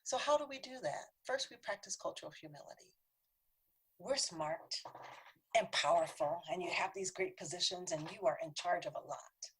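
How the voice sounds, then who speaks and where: This woman's fairly low, slightly rough voice moves at a normal speed as she leads a training session for a city council. Earnest and conversational, she performs quoted voices and occasionally whispers for emphasis.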